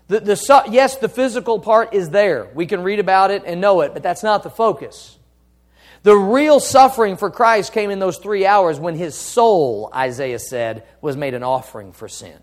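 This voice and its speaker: A man delivers a sermon in a notably high-pitched voice. He teaches emphatically, repeating phrases, and swings between hushed, quiet stretches and loud, impassioned climaxes. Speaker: preacher.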